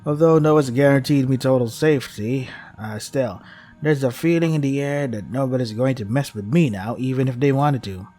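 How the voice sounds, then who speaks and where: Husky-voiced man reading a game aloud. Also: medium pitch, moderate pace, warm tone, soft background music. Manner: wry, swearing asides. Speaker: game streamer. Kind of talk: reading a visual novel aloud with commentary.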